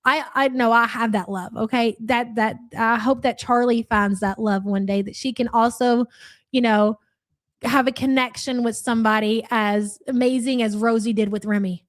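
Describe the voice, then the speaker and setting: Young woman, Louisville accent, reaction-stream host; blunt, profane, sarcastic delivery, pitched a bit high. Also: fairly even intonation, normal speed, no room sound, studio quality. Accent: Louisville Kentucky. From Louisville area, USA. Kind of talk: live-stream reaction commentary, reading chat.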